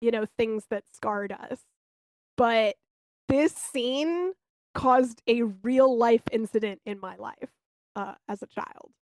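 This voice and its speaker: Higher-voiced woman telling candid stories. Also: slow, slight background noise. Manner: animated, candid storytelling with swearing. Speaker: podcast co-host. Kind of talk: casual chat.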